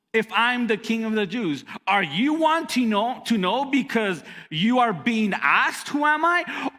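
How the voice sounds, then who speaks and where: A man voicing a calm teacher who turns a question back on the asker, inside a sermon. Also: very high-pitched, long reverb tail, voice pushed up, heavily acted. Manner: turning questions back, earnest.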